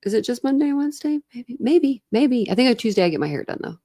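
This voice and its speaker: A woman's voice: fairly high pitch, expressive, fast, dark tone. A woman hosting a true crime livestream from home, chatting loosely with her viewers and rambling between topics with laughs and fillers. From United States. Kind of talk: casual livestream chat with viewers. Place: home room. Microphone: desk camera setup.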